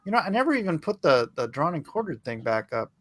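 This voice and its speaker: A man with a slightly high voice hosts a live drawing stream in a playful, joking way. He talks casually to guests on a video call through a desk mic. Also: sing-song, fast talker, a bit bright, no echo. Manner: jokey, playful banter. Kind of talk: casual livestream chat.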